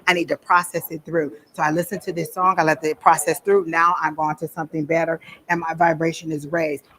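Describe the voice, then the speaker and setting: A woman's voice: low voice, level tone, brisk, a bit bright, a little hiss or hum. A woman talking informally to a workshop audience at a psychic fair, chatty and conversational, stopping to ask the room for questions.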